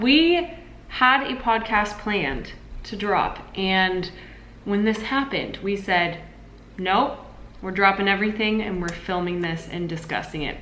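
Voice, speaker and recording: A woman co-hosting a podcast in casual chat, upbeat and agreeable, with frequent quick yeahs. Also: medium pitch, a bit bright. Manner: upbeat, agreeable, quick back-channel "yeah"s. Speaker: podcast co-host. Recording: echoey room with faint noise.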